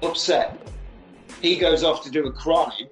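A man recapping a film in a lively, casual and sweary way, acting out the lines as he goes. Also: on the high side, measured pace. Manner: animated, swears freely, acts out quotes. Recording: roomy echo, faint music.

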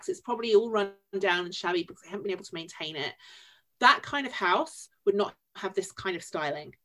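Animated Yorkshire woman reviewing a film. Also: fairly low pitch. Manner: animated, expressive, wry asides. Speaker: podcast co-host. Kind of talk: casual film review chat.

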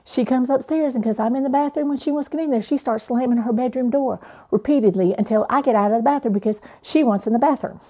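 Young woman life coach telling her story, mellow voice, animated and playful. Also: fairly high pitch, fast, lo-fi sound. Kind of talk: personal storytelling monologue.

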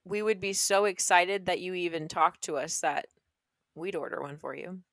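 A young woman co-hosting a podcast, chatting casually in an animated, rambling way and laughing often. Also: lowish voice, normal speed, dry recording, clean studio sound. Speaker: podcast co-host. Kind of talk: casual chat.

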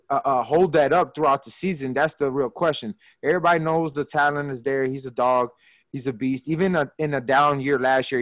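A man of middle pitch chatting loosely on a podcast, full of ums and uhs, restarting his sentences and swearing freely. The sound is thin and phone-like. It is dry, with no room around the voice. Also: no room sound. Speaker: fantasy football podcast co-host. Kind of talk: casual podcast chat.

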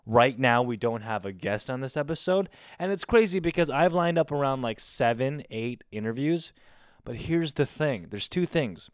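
A man hosting his own podcast alone, chatting casually in a rambling, excitable way with a lot of swearing. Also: mid-range voice, moderate pace, clean tone, no room sound, studio quality. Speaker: podcast host. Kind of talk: casual solo podcast chat. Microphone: close studio mic on camera.

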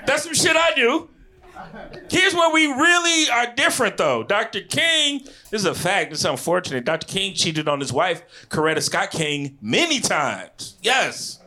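Animated Midwestern man doing stand-up. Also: sits high, unhurried. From Chicago. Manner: animated, shouting punchlines, slangy. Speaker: stand-up comedian. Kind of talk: stand-up comedy set. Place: comedy club stage.

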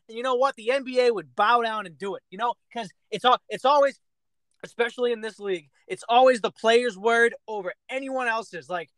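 High-voiced ranting sports co-host. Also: male voice, a little fast, dry recording, low-quality recording. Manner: ranting, profane, animated. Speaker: podcast co-host. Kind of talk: casual sports chat.

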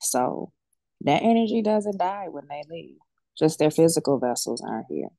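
A woman's voice: low voice, sing-song, normal speed, gravelly, dark tone, dry recording. Candid woman telling her story, dry sound. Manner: candid, colloquial, storytelling with quoted voices. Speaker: death doula and medium, podcast guest. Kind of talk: casual heartfelt interview talk.

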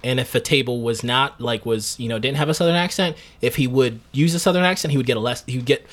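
A man hosting a podcast from South Carolina, chatting casually with friends, animated and laughing often. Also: mid-range voice, fast. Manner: animated, laughing, slips into playful quoted voices. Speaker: podcast host.

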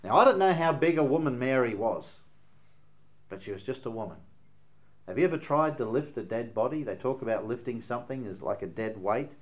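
A man's voice: mid-range voice, expressive, fairly quick. A man with a Northern Irish accent preaching a sermon in an earnest, emphatic way, weaving in stories as he goes.

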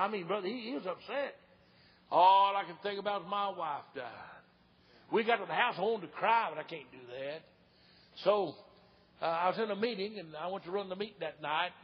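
An older man delivers an old-time revival sermon in a husky, raised voice. He tells folksy stories and breaks into fervent shouts. The recording is dull and lo-fi, with a long hall reverb behind him. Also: sits high. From Tennessee. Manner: fervent preaching, shouting and hollering, folksy storytelling. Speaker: evangelist.

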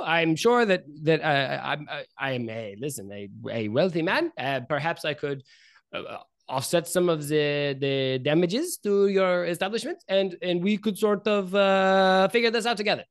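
Guy doing a nervous rich noble, stammers a ton, pitched up higher than his normal voice. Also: animated, moderate pace, smooth. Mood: nervous pleading. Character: flustered wealthy noble man, stammering apologies.

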